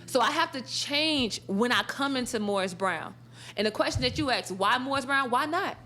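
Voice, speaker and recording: Woman, esports sportscaster and teacher, chatty interview guest, bright laughs, plays out the dialogue. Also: sits high, normal speed. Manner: animated, laughs often, acts out quoted dialogue. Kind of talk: casual storytelling in an interview.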